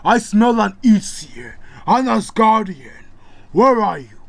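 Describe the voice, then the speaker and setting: A man's voice: sing-song, takes it slowly, gravelly, dry recording, full character voice. A man voicing a menacing male wolf-handed beast who gloats as he hunts a god. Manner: booming, gloating, sniffing out prey.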